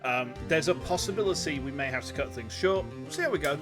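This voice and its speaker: A man's voice: fairly high pitch, lively intonation, fast talker. Chatty man with a sore throat. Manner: chatty, rambling with fillers. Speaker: streamer. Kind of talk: game livestream chat. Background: background music.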